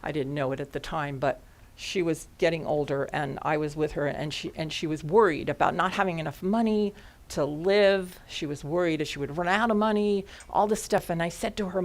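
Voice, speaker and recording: A woman minister is preaching a sermon to her congregation. She speaks through a headset mic. She tells her story in a lively, animated way and laughs often. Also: low-pitched, brisk. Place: church service before a congregation.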